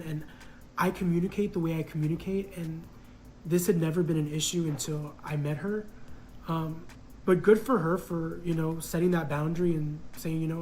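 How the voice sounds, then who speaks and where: A man's voice: on the high side, darkish tone, a little hiss or hum, rough recording. A man casually telling a personal story in a reflective, hesitant way, full of fillers.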